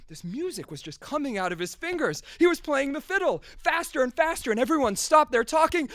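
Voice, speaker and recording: A man telling a folk tale aloud, animated, swinging from loud bursts to hushes, with sound effects. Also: extremely high pitch, no room sound, studio quality. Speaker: storyteller.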